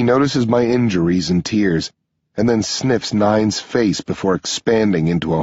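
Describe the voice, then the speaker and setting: Husky-voiced man narrating an audiobook. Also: a little slow, dry recording, highs cut off. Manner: steady storytelling delivery, pushing up in pitch for shouted dialogue. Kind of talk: scripted first-person narration.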